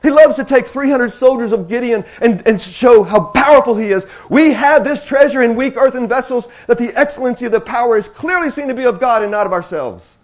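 A man preaching a sermon to his congregation, dropping to hushed, slow passages and building to loud, excited exclamations, repeating phrases for emphasis. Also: very high voice.

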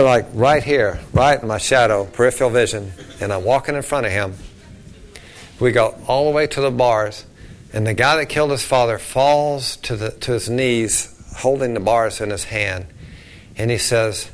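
A man who is a pastor, telling a story in a sermon and dropping to a hushed voice for the quoted lines. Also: mid-range voice, moderate pace.

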